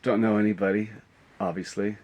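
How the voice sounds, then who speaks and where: A man's voice: on the low side, level tone, brisk, lo-fi sound. A man vlogging from the road in a casual, rambling, reflective way, laughing now and then. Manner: musing, rambling, given to laughing. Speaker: travel vlogger. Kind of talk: casual reflective vlog talk. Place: outdoors on the road, then inside his vehicle on a cold morning.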